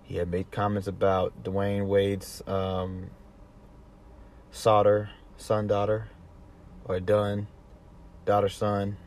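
A man's voice: lowish voice, completely flat delivery, slow, pauses often, darkish tone. A man from the Southern US with a Southern accent, giving rambling, profane casual commentary full of restarts. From Southern US, Atlanta. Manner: rambling, profane, many restarts, laughs easily. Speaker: commentary vlogger.

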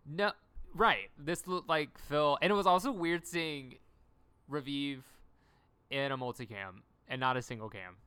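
A woman co-hosting a podcast, chatting casually about a TV episode and acting out lines in quick impressions. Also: low-pitched, smooth. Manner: animated, acts out character lines in quick impressions. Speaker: podcast co-host. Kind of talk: casual chat recapping a TV episode.

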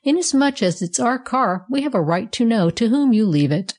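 A woman's voice: fairly high pitch, expressive, moderate pace, darkish tone, voice pushed up, lightly acted. A woman reading a storybook aloud, voicing a demanding, sneering male streetcar conductor. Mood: bossy.

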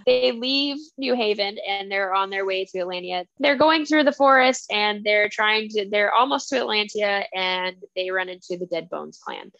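A woman's voice: mid-range voice, normal speed, gravelly, few pauses, no room sound, lo-fi sound. A woman co-hosting a casual book podcast, animatedly retelling scenes and acting out the characters' lines. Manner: animated retelling, acts out scenes in quoted voices. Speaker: podcast co-host.

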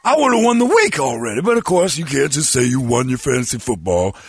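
A man doing an impression of a boastful retired football star who chats with deadpan dark jokes. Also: mid-range voice, quick pace, husky, no echo.

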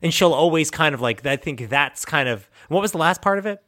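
Lively, foul-mouthed man at the game table. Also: fairly high pitch, a little fast. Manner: animated, profane, laughs often. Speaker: player. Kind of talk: casual tabletop game chat.

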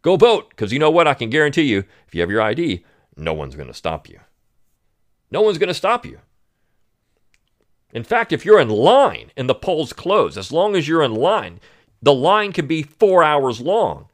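A man's voice: a little high, big pitch swings, moderate pace. A man hosting a political commentary podcast, talking in a sarcastic, mocking way. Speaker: podcast host.

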